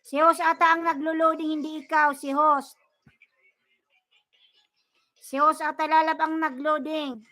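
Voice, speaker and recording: A woman from the Philippines with a Filipino accent, hosting a casual livestream, mixing English and Tagalog as she reads viewer comments and gives shout-outs. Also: sits high, level tone, moderate pace, pauses often. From Bicol, Philippines. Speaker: livestream host.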